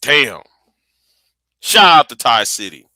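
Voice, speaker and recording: A man's voice: mid-range voice, sing-song, slow pace, pushed and bright, no echo. A man chatting casually on his live stream, rambling and profane, often repeating words while he thinks.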